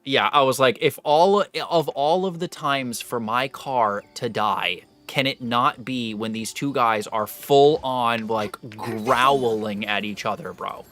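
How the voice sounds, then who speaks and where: Bright-voiced young man, rambling story. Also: medium pitch, slow, hardly any pauses, faint music behind. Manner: animated, rambling, swears freely. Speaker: live game streamer. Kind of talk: casual storytelling to live chat.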